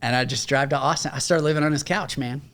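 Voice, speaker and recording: A man's voice: medium pitch, steady tone, fast talker, fairly bright tone, a little hiss or hum. Male podcast guest, middle-aged veteran, frank conversational storyteller. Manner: candid, conversational, mimics others in quoted lines. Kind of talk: casual storytelling.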